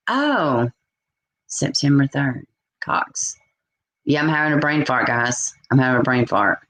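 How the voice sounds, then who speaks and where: Woman, low-pitched, casual live-stream host, talkative. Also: pushed and bright, reverberant. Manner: chatty, reacts aloud to viewer comments.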